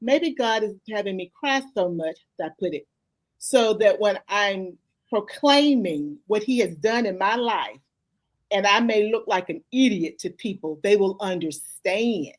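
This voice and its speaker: A woman's voice: medium pitch, animated, unhurried. A middle-aged woman, a life coach and author, talking as an interview guest in a folksy, heartfelt way that turns to religious testimony. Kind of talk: emotional conversational interview.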